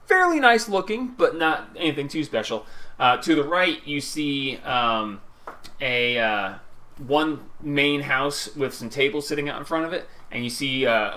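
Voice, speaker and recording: Guy dm describing a scene, bright clear voice, lots of ums and uhs. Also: mid-range voice, normal speed. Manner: rambling, filler-heavy scene description. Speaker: game master. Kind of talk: narrating a tabletop game.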